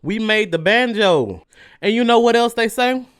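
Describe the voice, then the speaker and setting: A man's voice: high voice, expressive, normal speed, fairly bright tone, clean tone, dry recording, studio quality. A man hosting a solo podcast, ranting casually and profanely with heated energy while his mouth burns from spicy food. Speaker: podcast host.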